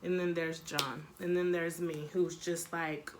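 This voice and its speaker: A young woman telling a casual storytime, animated and blunt, swearing freely and acting out what people said. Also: fairly low pitch, measured pace, background noise. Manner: animated, blunt, profane, acts out quotes. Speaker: vlogger.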